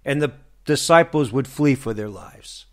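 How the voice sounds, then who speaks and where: Fervent slow-preaching man. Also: medium pitch, expressive. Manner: fervent, rhetorical questions to listeners. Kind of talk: sermon. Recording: broadcast sermon.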